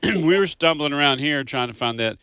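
A man's voice: on the high side, expressive, fairly quick, pushed and bright, clean tone, dry recording. Male radio co-host, chatty storyteller, dry studio sound. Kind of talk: casual radio chat. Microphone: studio microphone.

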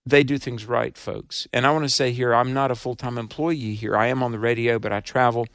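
A man's voice: mid-range voice, fairly even intonation, brisk, a bit bright, dry recording. A man with a Southern accent, hosting a radio ministry fundraiser in an earnest, emphatic, preacherly way.

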